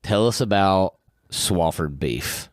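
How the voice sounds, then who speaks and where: Male podcast host, deep voice, dry sound, joking asides. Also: lively intonation, slow pace, no room sound. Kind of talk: interview questions.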